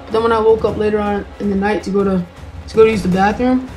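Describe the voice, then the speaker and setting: A woman tells a story in a chatty, rambling way, with lots of "um" and "like" fillers. Her voice sits at a middle pitch, with faint music underneath. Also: fairly even intonation, quick pace, darkish tone, rough recording. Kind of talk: casual storytelling vlog.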